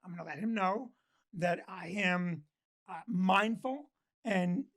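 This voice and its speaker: A man's voice: high voice, takes it slowly, fairly bright tone. An older man co-hosting a casual talk show, telling stories in a blunt, joking way. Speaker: co-host. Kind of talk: casual chat.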